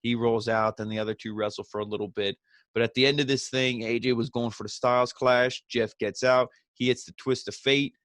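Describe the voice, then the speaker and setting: This wrestling review host gives a casual recap of an episode as a loose, sarcastic rant, repeatedly breaking into quick asides that mimic the wrestlers. His pitch is ordinary and middle, his tone steady and fairly bright. The recording is dry and close with no echo or room around it.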